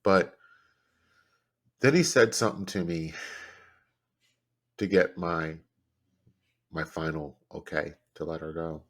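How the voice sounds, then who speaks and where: A man hosting a podcast, telling a personal story in a halting, grief-stricken way with many restarts. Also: rumbling low. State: grieving, close to tears. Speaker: podcast host.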